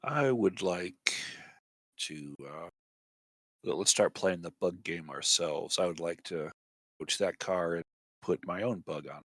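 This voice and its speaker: A man's voice: low-pitched, a little slow, a bit bright, no room sound. A man playing a tabletop game, hesitant as he plans aloud. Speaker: player.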